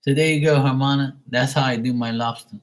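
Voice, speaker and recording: A man's voice: mid-range voice, fairly even intonation, fairly quick. A man hosting a livestream, chatting casually and bluntly with viewers and swearing freely. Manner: profane, blunt, talks back to viewers. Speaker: livestream host.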